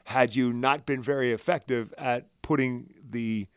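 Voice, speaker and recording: A man's voice: medium pitch, steady tone, measured pace, clear, resonant tone, dry recording, studio quality. A man co-hosting a radio talk show, teasing his partner and mostly agreeing with him. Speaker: radio co-host.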